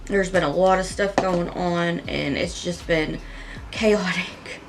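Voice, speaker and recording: A woman with a lowish voice and fairly even intonation talks unhurriedly through a casual makeup tutorial as music plays behind her. She rambles in a chatty, heartfelt way, saying "like" often and laughing softly.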